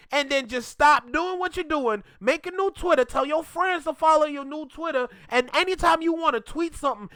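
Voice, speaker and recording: Bright-voiced, mock-outraged male reactor. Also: extremely high pitch, no room sound, studio quality. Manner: animated, mock-outraged, joking. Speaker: reaction video host. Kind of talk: casual reaction commentary.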